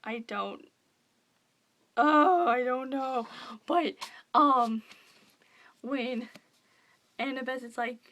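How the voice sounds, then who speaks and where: High-voiced gushing young woman. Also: drawn-out words, long pauses. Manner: gushing, excitable, rambling with many fillers. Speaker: book vlogger. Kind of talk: casual book review vlog.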